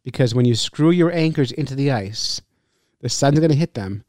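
A man co-hosting a fishing podcast, a laughing, animated storyteller in casual chat. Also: medium pitch, normal speed, no echo, studio quality. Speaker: podcast co-host and fishing guide.

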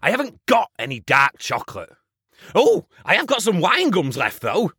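A man's voice: high voice, wildly swooping pitch, moderate pace, a bit bright, husky, no room sound, clean studio sound, exaggerated voice. A man voicing a hapless male field reporter who mutters offhand remarks to himself, over music, in a comedy sketch.

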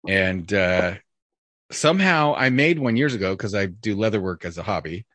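A man's voice: on the low side, animated, normal speed, a bit bright, no room sound. A man hosting a casual podcast chat, talking in a profane, rambling way. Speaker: podcast host.

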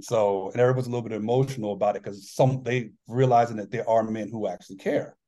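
A man's voice: on the low side, fairly even intonation, quick pace, dark tone. A man guest on a podcast, candidly telling a personal story in an earnest, reflective way. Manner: earnest, reflective, acts out dialogue in his stories. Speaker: podcast guest, author and former athlete.

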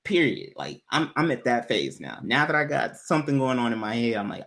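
A man's voice: mid-range voice, sing-song, brisk, vocal fry, a bit bright. Man telling a story, casual and profane. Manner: candid and profane, loose conversational delivery.

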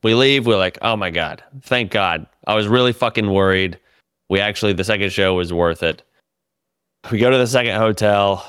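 A man telling profane, animated stories about a comedy tour in casual podcast chat. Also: on the low side, a little fast, clear, resonant tone, no echo, studio quality. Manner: profane, animated storytelling with laughs.

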